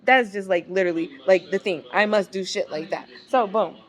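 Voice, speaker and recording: An adult mother tells a casual storytime on her vlog in a medium-pitched, fairly quick voice. She's exasperated and animated, swearing freely throughout the story.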